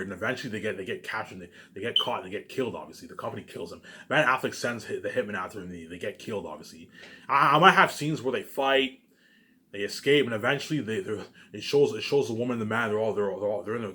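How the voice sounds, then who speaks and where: A man with a lowish voice rushes through his ideas at a quick clip. He keeps tripping into restarts, piles on the same catchphrases and swears loosely. It is a rambling, casual talk to the camera. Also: a bit bright. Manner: repetitive, stumbling restarts, keeps saying "you know what I'm saying" and "obviously". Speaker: vlogger pitching his movie ideas.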